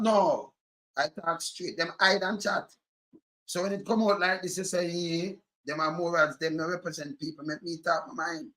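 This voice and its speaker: A Jamaican man speaks his mind in heavy patois, blunt and emphatic as he rants about politics. His voice sits high, and his tone is bright and forceful. He talks like a commentator who refuses to soften anything. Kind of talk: animated commentary rant.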